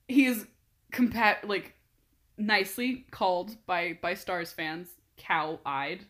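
A young woman chatting casually as a podcast co-host, excitable, swearing freely and laughing often. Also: medium pitch, takes it slowly. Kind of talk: casual chat, storytelling.

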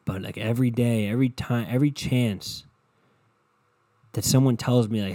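Profane, rambling man with a dark voice. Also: mid-range voice, moderate pace, long pauses, dry recording. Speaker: podcast host. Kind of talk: solo podcast monologue. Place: bedroom at home.

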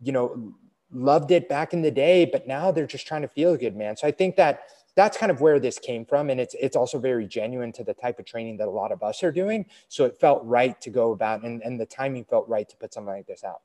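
A man's voice: medium pitch, a little fast, warm tone. Guy guesting on a casual chat, rambles, says like and you know constantly, plain mid voice. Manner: loose and rambling, many filler words like "like" and "you know". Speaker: fitness brand representative, guest. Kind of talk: casual conversational interview.

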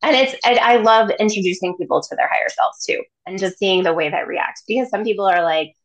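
A woman's voice: medium pitch, fairly quick, low-quality recording. A woman guest on a podcast, chatting casually and animatedly about chakras, acting out voices and laughing often. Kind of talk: casual chat.

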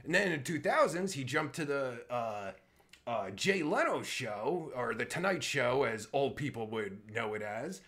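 A man's voice: medium pitch, lively intonation, a little slow, vocal fry, a bit bright. A man live-streaming from his phone, delivering a crude, exasperated comedic rant full of profanity.

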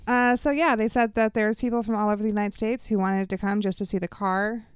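A woman's voice: mid-range voice, steady tone, a little fast, smooth, no room sound, clean studio sound. A woman co-hosting a casual podcast, reading news articles aloud between fillers and chat. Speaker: podcast co-host.

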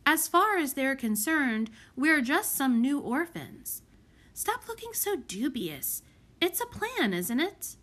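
A woman voicing a bossy, clever young orphan girl who gives firm orders in a lively, high voice. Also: takes it slowly, exaggerated voice.

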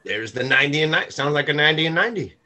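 A man's voice: fairly high pitch, animated, rapid-fire, bright, forceful tone, a little hiss or hum. A man co-hosting a casual recovery podcast, talking emphatically and swearing now and then. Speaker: podcast co-host. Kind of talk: casual recovery-group chat.

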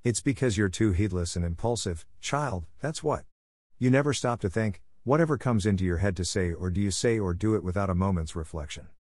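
A man's voice: on the low side, fairly quick, darkish tone, no echo, studio quality, lightly acted. A man voicing a stern, gossipy older village woman who lectures in an emphatic, self-satisfied way. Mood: disapproving.

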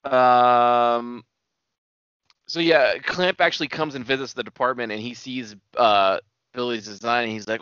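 Male co-host, dry plot recapper, bright voice, muffled lo-fi sound. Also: medium pitch, steady tone, moderate pace, clean tone, no echo. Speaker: podcast co-host. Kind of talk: casual movie chat.

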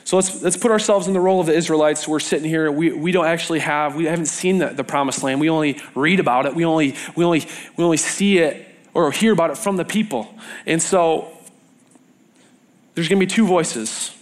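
A young adult man with a slightly high voice preaches briskly to a youth group, animatedly telling stories and acting out the voices of the people he quotes.

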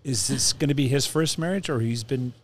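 A man's voice: medium pitch, brisk, a crowd in the background. A man hosting a casual chat, curious and asking questions. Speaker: host.

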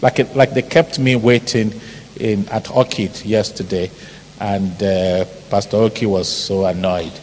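Middle-aged male Nigerian-accented preacher, animated storyteller, in a big echoing hall. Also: lowish voice, measured pace. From Ibadan, Nigeria. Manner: animated, storytelling with mimicked shouts and laughter. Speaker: pastor. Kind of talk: sermon. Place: large church hall. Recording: hall reverb, faint background noise.

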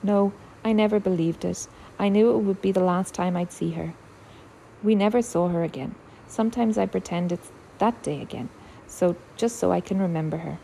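A woman voicing a quiet, wistful teenage younger sister with a steady, firm resolve. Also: lowish voice, moderate pace, gravelly, slight background noise, low-quality recording.

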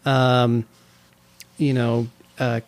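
A man's voice: mid-range voice, flat delivery, drawn-out words, dry recording. A man in his thirties from California, rambling as a podcast co-host with many restarts. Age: 30s. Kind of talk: casual podcast chat.

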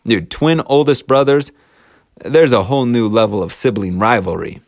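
A man's voice: mid-range voice, normal speed, no echo, clean studio sound. Chatty man teaching scripture casually. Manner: chatty, slangy asides.

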